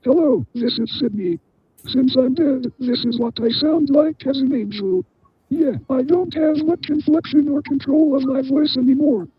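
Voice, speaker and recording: A text-to-speech voice playing a weary, husky old man retiring. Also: very high voice. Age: older. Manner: slow, weary. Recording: dull lo-fi audio.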